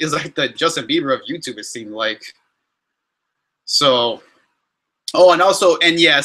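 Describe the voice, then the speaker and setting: Young guy ranting in his q&a vlog, bright tense voice, keeps restarting sentences, super exasperated. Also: a little high, breathy edge. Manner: animated, exasperated, many restarts and filler words. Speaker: YouTuber answering fan questions. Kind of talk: casual Q&A vlog rant.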